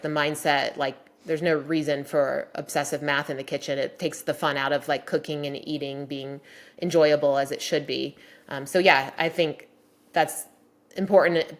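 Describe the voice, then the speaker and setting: A woman in her forties, a cookbook author talking casually on a podcast, enthusiastic and full of "like" and "um" fillers. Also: deep voice.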